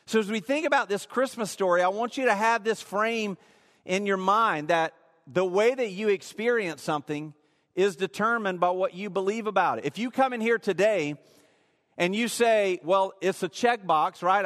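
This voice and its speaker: Man, pastor, casual rambling sermon, high voice, long hall echo. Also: moderate pace, a bit bright. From rural area. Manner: casual, storytelling with many fillers. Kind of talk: sermon with a personal story.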